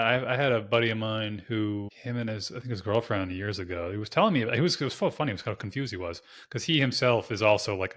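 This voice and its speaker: A man hosting a podcast, chatting casually and animatedly, swearing loosely and peppering his talk with "like". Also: on the low side. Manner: rapid, animated, swears casually, lots of filler "like". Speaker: podcast host. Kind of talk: casual conversational podcast chat.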